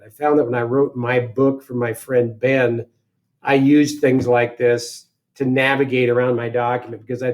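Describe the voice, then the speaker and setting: Slow, unhurried male software instructor. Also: medium pitch. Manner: talks through each step aloud, casual and self-correcting. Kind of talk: screen-recorded software tutorial.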